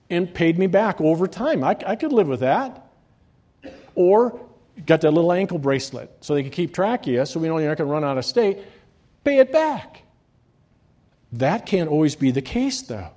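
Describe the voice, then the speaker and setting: A man preaching a sermon, swinging between loud, rising reading and quiet, dropped endings. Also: a little high, very animated, normal speed. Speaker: pastor.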